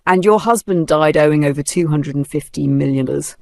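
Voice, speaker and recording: A narrator voicing a calm, matter-of-fact male bank manager in a storybook tale. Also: a little high, a little fast, gravelly, no echo, clean studio sound. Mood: cold.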